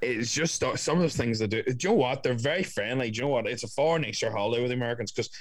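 A man's voice: mid-range voice, very fast, no room sound. A young man, telling stories in a casual chat and swearing often. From Ireland. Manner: storytelling, swearing, doing voices of others.

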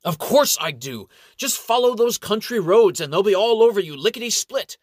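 A man's voice: high voice, lively intonation, normal speed, dry recording, studio quality, voice pushed up. A man voicing an impatient, arrogant male ranger who talks in a brusque, dismissive way.

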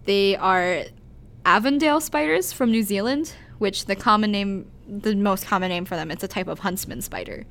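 A woman co-hosting a podcast, telling a story in animated, giggly casual chat with lots of "like.". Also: mid-range voice, normal speed, vocal fry. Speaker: podcast co-host.

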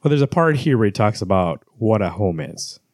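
A man's voice: on the low side, sing-song, brisk, darkish tone, no room sound, studio quality. A man co-hosting a casual book club podcast, retelling scenes and reading passages aloud with many fillers. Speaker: podcast co-host.

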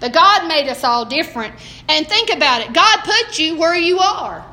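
A woman's voice: high voice, very animated, normal speed, sharp tone. An older woman with a Southern American accent, giving a folksy morning Bible lesson in a homespun way, full of rhetorical questions to her listeners. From Southern United States. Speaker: Bible teacher.

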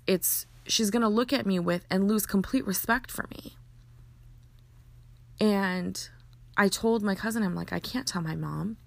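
A woman's voice: mid-range voice, gravelly, no echo. A woman earnestly telling a personal story, acting out the dialogue and often restarting her sentences. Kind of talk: personal story told in conversation.

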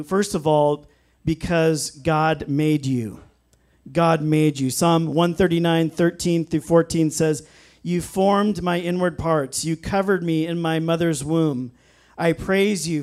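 A man preaching a sermon in a church, earnest and emphatic, slowing down to stress key phrases and reading scripture aloud. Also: a little high, darkish tone. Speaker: pastor.

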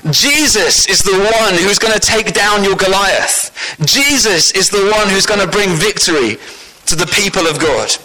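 Guy preaching a sermon, bright forceful voice, gets loud and high when he makes a point, keeps asking the room questions. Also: moderate pace, rough recording. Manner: animated, rises in pitch and volume for emphasis, asks the congregation questions.

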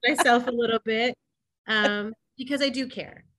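A woman co-hosting a podcast, telling a personal story in candid, animated chat full of "like" fillers and quick laughs. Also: on the high side. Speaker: podcast co-host.

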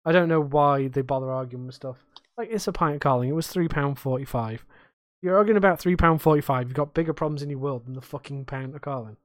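A man's voice: mid-range voice, fast, no echo, clean studio sound. A young man co-hosting a podcast, ranting and swearing in casual chat about life as a bartender. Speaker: podcast co-host.

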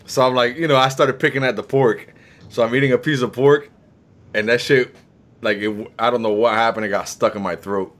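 A man's voice: mid-range voice, steady tone, a little fast, a bit bright. A man from the Caribbean co-hosting a casual podcast, laid-back and laughing often, saying bro a lot. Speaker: podcast co-host.

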